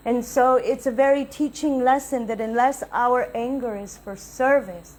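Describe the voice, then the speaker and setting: A woman's voice: a little high, steady tone, normal speed, darkish tone, low-quality recording. A woman giving a devotional talk, earnestly telling a personal story and acting out the dialogue. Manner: earnest, confessional, retells dialogue. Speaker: spiritual speaker.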